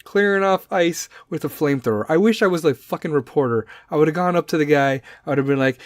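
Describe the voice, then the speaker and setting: A man's voice: fairly high pitch, fast talker, few pauses, no echo, clean studio sound. A man hosting a casual solo podcast, talking bluntly and swearing a lot as he gives his opinions. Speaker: podcast host.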